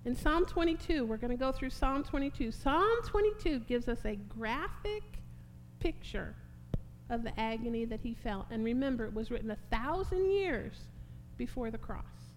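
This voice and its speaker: A woman's voice: fairly high pitch, big pitch swings, normal speed. A woman preaching a sermon, impassioned and rising to emphatic peaks. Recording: long hall reverb, faint hum.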